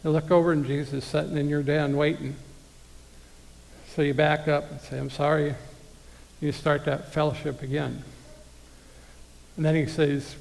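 A male preacher with a somewhat high, gravelly voice delivers a sermon in a casual, conversational way. He reads scripture aloud and speaks straight to his listeners. A long reverb from the hall trails behind his words. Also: steady tone, normal speed, darkish tone.

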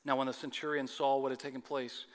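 A man preaching a sermon with dramatic swings between loud urgency and hushed intensity. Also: mid-range voice, little pitch movement, fast. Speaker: pastor. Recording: long hall reverb.

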